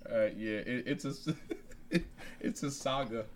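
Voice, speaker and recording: A man cracks up in casual banter, letting out exasperated curses between laughs. His pitch sits in the middle and his talk is loose and unpolished. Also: unhurried. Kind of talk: casual chat.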